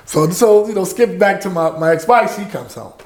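A middle-aged man, a music producer telling lively anecdotes in an interview and acting out the people he quotes. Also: high-pitched, normal speed, reverberant, a little hiss or hum. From Louisiana. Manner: lively anecdotes, acts out quoted voices, laughs often. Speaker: music producer and label head, interview guest. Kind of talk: animated storytelling in a podcast interview.

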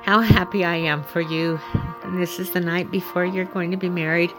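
A woman's voice: on the low side, fairly even intonation, moderate pace, low-quality recording. An older woman, the groom's mother, giving a tender, emotional message of love. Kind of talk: recorded well-wishing message. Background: music.

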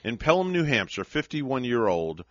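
A man's voice: medium pitch, big pitch swings, moderate pace, no echo, dull audio. A man hosting a radio morning show, reading odd news stories aloud and joking with his co-host. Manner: playful, laughs while reading.

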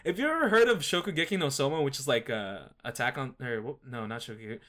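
A young man chatting casually, rambling and animated, with lots of fillers as he tells a story. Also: mid-range voice, fast talker. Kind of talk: casual chat.

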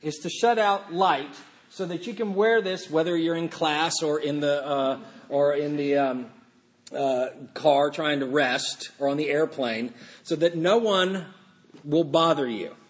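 A middle-aged man preaching a sermon in an informal, halting way, with many fillers and restarts. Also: on the high side. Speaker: pastor.

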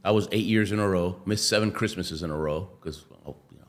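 A man's voice: deep voice, a little fast. A man, a former athlete and interview guest, telling stories animatedly and acting out what others said. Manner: animated, acts out quotes, laughs often. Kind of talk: storytelling interview.

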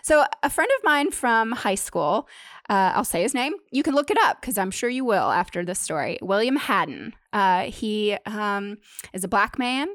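A woman's voice: medium pitch, lively intonation, moderate pace, fairly bright tone, no echo, clean studio sound. A woman co-hosting a comedy podcast in casual chat, telling a story, laughing often and trailing off and restarting. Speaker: podcast co-host.

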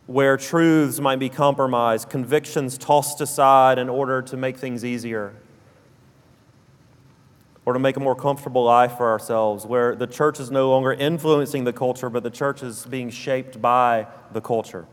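A man's voice: medium pitch, steady tone, moderate pace. A man with a South Alabama accent preaching a sermon, earnest and repeating key phrases for emphasis. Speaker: pastor. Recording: long reverb of a church hall.

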